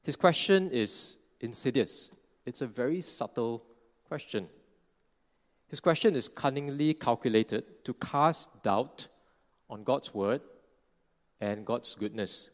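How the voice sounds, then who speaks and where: A male preacher with a medium-pitched, animated voice gives an earnest expository sermon, explaining patiently, restarting phrases, and adding quick "right?" asides. A big church hall gives his voice long reverb.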